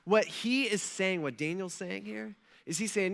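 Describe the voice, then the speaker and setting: Male pastor, high bright voice, casual preaching that keeps asking the room "right?". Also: moderate pace, vocal fry. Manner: conversational preaching, acting out quoted prayers, frequent "right?" and "okay?" checks. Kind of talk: sermon. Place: church auditorium.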